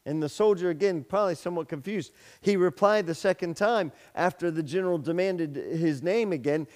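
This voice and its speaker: A man's voice: fairly high pitch, a little fast, hardly any pauses. A man preaching a sermon as pastor, telling a story with many restarts and repeated words, and raising his voice sharply for the lines of the story. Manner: storytelling, repeats words, grows loud for dialogue. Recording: long hall reverb.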